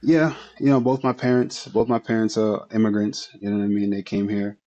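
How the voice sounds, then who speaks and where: A man in his thirties, a guest fighter on a remote interview, talking in an upbeat, steady way and often tagging his lines with "you know what I mean". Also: fairly low pitch, a little fast, highs cut off.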